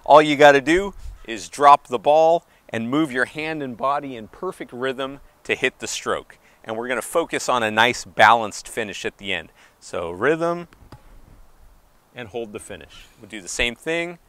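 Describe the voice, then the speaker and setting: A man's voice: medium pitch, unhurried, fairly bright tone, clean tone. A man giving an outdoor tennis lesson, counting beats aloud as he demonstrates strokes and encouraging the viewer, a little out of breath from moving. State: slightly out of breath. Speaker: tennis coach. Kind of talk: instructional on-court demonstration.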